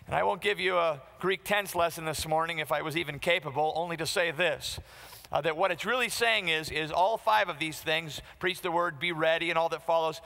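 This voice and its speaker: Male pastor, middle-aged, punchy conversational sermon; bright, tense tone; long hall reverb. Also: a little high, fairly quick, gravelly. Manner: emphatic, conversational preaching with direct questions to the congregation.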